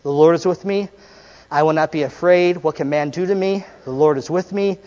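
Male pastor, high voice, call-and-response sermon with casual humor; long hall reverb, muffled lo-fi sound. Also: warm tone. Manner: conversational and joking, with dramatic pauses. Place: church sanctuary. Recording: dull lo-fi recording with long hall reverb and mains hum.

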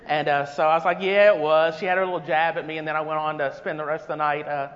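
A man's voice: on the high side, flat delivery, very fast, a bit bright. A man filling in as guest preacher, giving a folksy, conversational sermon with personal stories. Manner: folksy and conversational, with rising energy. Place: church sanctuary. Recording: long reverb, dull lo-fi sound.

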